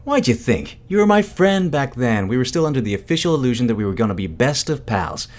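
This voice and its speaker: A man's voice: medium pitch, very animated, brisk, lightly acted. A man reading the lines of a bitter young man who scolds his ex over the phone.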